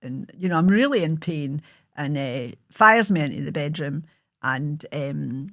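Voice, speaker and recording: Scottish woman telling her own story, kinda low voice, blunt, swears a lot, no room echo at all. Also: expressive, measured pace, a bit bright. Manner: vivid, blunt, swears freely. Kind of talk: personal storytelling monologue.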